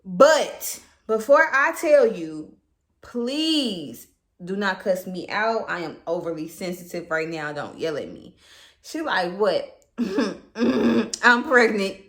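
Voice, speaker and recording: A woman's voice: on the low side, very animated, slow pace. A young woman telling a candid, chatty story to her viewers, swearing freely as she goes. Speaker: vlogger. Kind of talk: casual storytime chat. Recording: echoey room with background noise.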